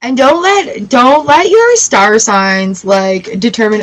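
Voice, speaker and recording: A woman giving a casual tarot reading, chatty and encouraging, with lively outbursts. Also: on the high side, normal speed, low-quality recording. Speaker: tarot reader.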